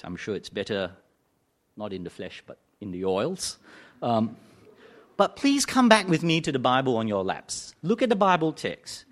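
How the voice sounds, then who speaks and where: Man, preacher, sermon, animated intonation, asks questions, wry asides. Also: on the high side.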